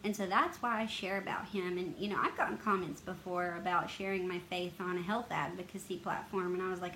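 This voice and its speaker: A woman's voice: lowish voice, fairly even intonation, fairly quick, few pauses, a bit bright, slight background noise, rough recording. Earnest woman. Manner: earnest, emotional, open. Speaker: health advocacy vlogger. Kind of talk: personal confessional storytelling.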